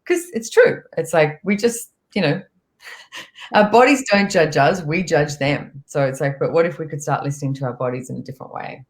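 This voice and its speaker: A woman speaking as a guest in a relaxed conversation, telling stories and voicing what her body says. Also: low voice, a little fast. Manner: relaxed, storytelling, acts out her body's voice. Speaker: guest facilitator. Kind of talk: casual chat.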